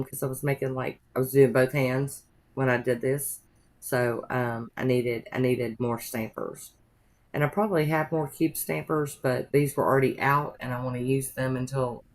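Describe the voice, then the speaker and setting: A woman narrating a nail art tutorial in a chatty, rambling way, with homey asides to her viewers. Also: very deep voice.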